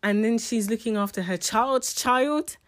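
A woman's voice: fairly high pitch, unhurried. Chatty woman reviewing a memoir. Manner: chatty and emotional, with restarts and laughs. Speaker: book reviewer. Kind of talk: casual spoken book review.

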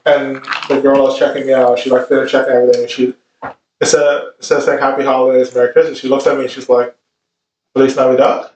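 A man's voice: medium pitch, level tone, fast talker, a little mellow, highs cut off, slight background noise. Man, chef guest, laid-back anecdotes, roomy sound, a bit far from the mic. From Vietnamese heritage. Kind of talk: casual storytelling.

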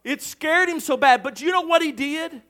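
A male preacher delivers a sermon in a strikingly high voice. His tone is forceful and tense, pushing hard on each phrase. He preaches with passion and climbs into full shouts. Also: moderate pace. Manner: impassioned preaching that swells into shouting. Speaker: pastor.

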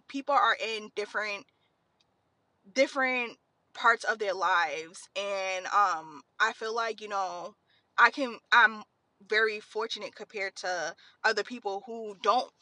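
Young woman podcaster, tearful, rambling heartfelt talk, bright tone, dry close sound. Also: mid-range voice, dry recording. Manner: rambling, heartfelt, frequent fillers. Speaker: podcast host. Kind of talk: casual personal storytelling.

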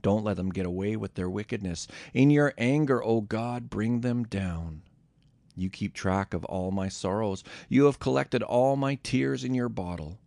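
A man reads scripture in a steady, measured way. His voice is low and gravelly, and it is recorded dry and close, with no room sound. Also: no room sound. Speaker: scripture reader.

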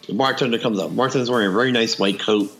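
A man's voice: medium pitch, racing, fairly bright tone, faint music behind. A man casually telling a funny story on a podcast, acting out the dialogue and laughing often.

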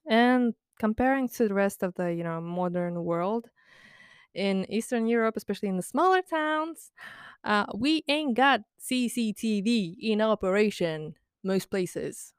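A woman's voice: mid-range voice, smooth, no room sound, studio quality. A young woman from the Baltics, talking in a casual, blunt monologue full of swearing, sarcasm and laughter. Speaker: podcast host.

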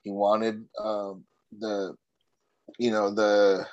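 A man co-hosting a casual movie podcast, explaining slowly with drawn-out hesitations. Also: on the low side, little pitch movement, a little mellow, lo-fi sound.

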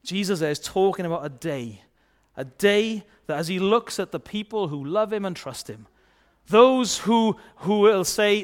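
A man's voice: high voice, a little slow. A man preaching a children's sermon, asking the kids questions and acting out playful voices. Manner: lively, asks children questions and acts out silly kid voices.

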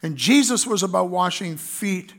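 High-voiced man preaching a sermon. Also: lively intonation, moderate pace. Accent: Canadian. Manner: earnest preaching, reads scripture aloud with fillers. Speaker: pastor.

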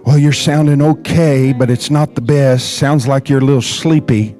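A man preaching a sermon in a church, calling the congregation to respond and often rising to shouts. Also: mid-range voice, fairly even intonation, normal speed, hardly any pauses, faint music behind. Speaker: pastor. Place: church sanctuary.

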